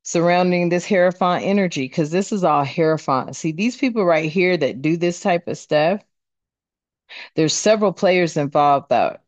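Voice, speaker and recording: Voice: medium pitch, moderate pace, dry recording. A tarot reader giving a casual card reading, talking bluntly with plenty of swearing and rambling fillers.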